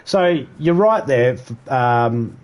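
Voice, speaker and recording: A man's voice: medium pitch, expressive, slow pace. An Australian man livestreaming, chatting casually with viewers in a rambling way, swearing freely and mimicking accents. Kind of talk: casual chat.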